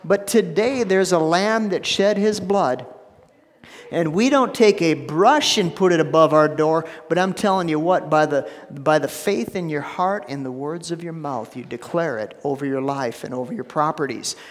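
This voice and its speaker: Emphatic preaching man, church reverb. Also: moderate pace. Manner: emphatic, repeats phrases, drops to a hushed low for stress. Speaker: pastor. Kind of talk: sermon. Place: church sanctuary.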